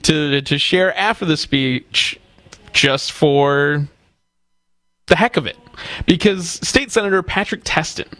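A man co-hosting a casual political talk show, speaking in a measured way and restarting with repeated words. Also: fairly high pitch, a bit bright, no room sound.

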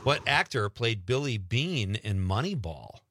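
A man's voice: on the low side, a little slow, slight background noise. Joking man hosting a radio show. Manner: joking, teasing, lively. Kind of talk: casual radio banter.

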